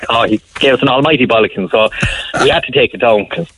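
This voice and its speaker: A man's voice: medium pitch, quick pace, noisy background. An Irish man in his thirties calls in to a radio show and tells a long, rambling story, chuckling often and restarting his sentences. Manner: rambling, chuckling anecdote teller with many restarts. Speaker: caller. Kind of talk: casual phone-in storytelling.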